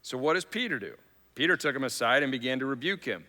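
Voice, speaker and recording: Male pastor, sermon, chatty delivery that swells into dramatic quoted lines, bright ringing tone, long hall reverb. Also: medium pitch, lively intonation, moderate pace. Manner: conversational preaching, acts out Bible quotes with rising intensity. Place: church hall.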